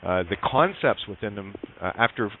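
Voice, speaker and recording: Rambling talk-radio host on a tinny line. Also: male voice, on the low side, expressive, moderate pace. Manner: rambling, many fillers, blunt and profane when irritated. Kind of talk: call-in talk show chat. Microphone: headphones and studio mic. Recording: tinny phone-like line with faint hiss.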